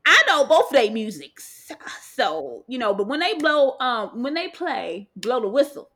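A woman co-hosting a casual chat, animated and rambling. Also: on the high side, unhurried. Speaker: podcast co-host.

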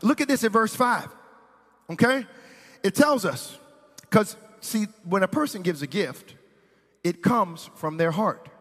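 High-voiced preacher in a reverberant hall. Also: male voice, a little slow, pauses often. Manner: storytelling preacher, animated, mimics people in anecdotes. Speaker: pastor. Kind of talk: sermon.

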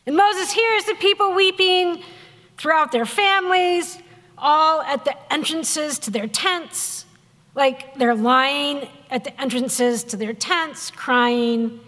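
A woman pastor giving a sermon in a conversational, wry storytelling way, acting out quotes with lively voices. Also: high voice, takes it slowly, in a large hall. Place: church sanctuary.

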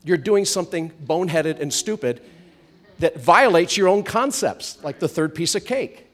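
A man preaching a sermon to a church congregation, animated, swinging from loud comic outbursts to soft hushed storytelling. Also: fairly high pitch, normal speed.

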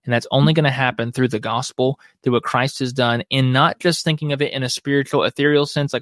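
A man's voice: mid-range voice, steady tone, quick pace, hardly any pauses, dry recording. Earnest male counselor, dry close sound. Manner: earnest, reflective, warmly conversational. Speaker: biblical counselor, guest. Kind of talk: podcast interview.

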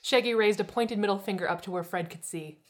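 A woman's voice: mid-range voice, quick pace. A woman casually chatting and reading fan fiction aloud, breaking into laughs as she reads. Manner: laughs often while reading.

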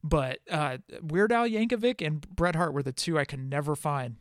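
Podcast host: fairly high man's voice, chatty, laughs a lot, dry close sound. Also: moderate pace, dry recording. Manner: chatty, laughs often, asks questions. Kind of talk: casual chat.

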